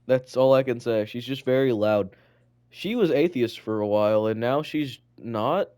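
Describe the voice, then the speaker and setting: A man's voice: mid-range voice, normal speed, a little mellow, smooth. Rambling teenage boy telling school stories. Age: teens. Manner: rambling storytelling, full of "like" and swearing. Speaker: student podcast co-host. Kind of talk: casual chat.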